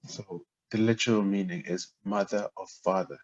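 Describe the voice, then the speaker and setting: A man teaching a language lesson, explaining word tones in a hesitant way with many pauses and ums. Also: sits low, steady tone. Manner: hesitant, lots of ums, spells out syllables and tones. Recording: dull lo-fi audio without a proper mic.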